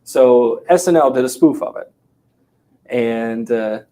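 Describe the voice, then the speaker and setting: A man's voice: mid-range voice, moderate pace, low-quality recording. A man co-hosting a casual sales talk show, telling stories animatedly and acting out the quotes. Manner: animated storyteller, acts out quotes. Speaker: podcast co-host.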